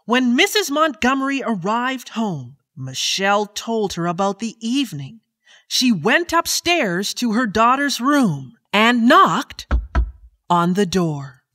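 A woman narrating a children's story in a slow, expressive read-aloud manner. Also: a little high.

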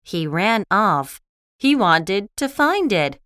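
A woman's voice: medium pitch, sing-song, slow pace, a bit bright, smooth, no echo. A woman narrating a graded reader story for English learners, reading carefully and expressively on a close studio mic.

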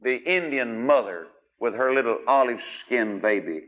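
Preacher guy, emphatic, keeps quizzing the crowd, pitch all over the place. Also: animated, moderate pace. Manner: emphatic, questioning the congregation, wide swings in pitch and loudness. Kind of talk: sermon. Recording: dull lo-fi archive recording.

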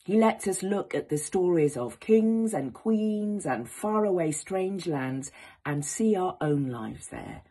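A woman actor giving an encouraging, expressive educational talk to young people. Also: lowish voice, slow, slightly rough. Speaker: actor teaching students.

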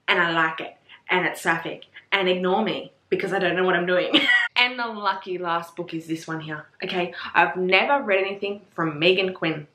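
A young woman talks through her book haul in a casual, swear-laden, excitable way, squealing and gasping over her finds. Her voice is bright and forward at an ordinary pitch. The room around her is echoey. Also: normal speed. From Australia. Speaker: book vlogger.

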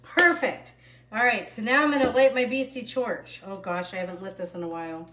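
A woman's voice: mid-range voice, a little fast, a bit bright, reverberant, a little hiss or hum. A middle-aged woman hosting a live home cooking show, bubbly and chatty, laughing at herself as she goes. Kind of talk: live cooking stream, casual chat. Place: home kitchen.

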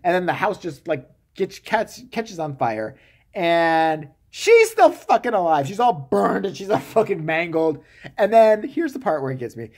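Animated, profane man ranting about a movie. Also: high voice, measured pace. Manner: profane, sarcastic, acts out characters' lines. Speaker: movie reviewer. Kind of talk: comedic movie-review rant.

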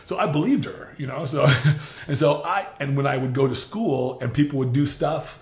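A middle-aged man hosting a podcast, talking earnestly in a halting way with many restarts and laughs. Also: on the high side, darkish tone, reverberant. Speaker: podcast host. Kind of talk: casual interview chat.

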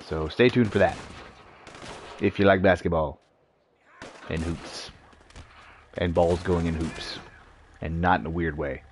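A man's voice: low voice, unhurried, long pauses, slight background noise. A man streaming an online shooter game, joking, swearing and talking to himself and his teammates as he plays. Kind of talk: live gameplay commentary.

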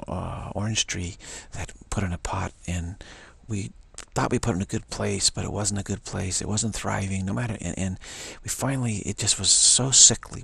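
A man giving a rambling, emphatic spiritual talk, often repeating himself. His voice is low, heavily gravelly and very husky. The sound is close and dry, with no room echo. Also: fairly bright tone. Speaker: spiritual teacher. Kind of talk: spiritual pep talk monologue.

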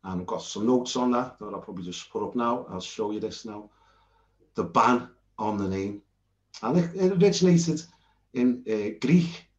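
A man's voice: lowish voice, animated, normal speed, darkish tone. Earnest rambling British man teaching. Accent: British English. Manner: earnest, rambling, frequent restarts. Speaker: Bible teacher. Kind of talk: informal lecture while sharing notes on screen. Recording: roomy and dull lo-fi.

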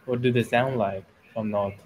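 A man's voice: medium pitch, steady tone, moderate pace, low-quality recording. Curious man asking short questions. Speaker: English learner. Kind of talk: casual video-call conversation.

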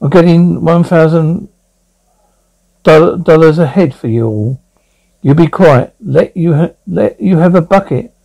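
A man's voice: on the high side, a little slow, vocal fry, dark tone, rough recording. A man voicing a brutal, threatening male trafficker barking orders in an amateur audio drama. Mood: menacing.

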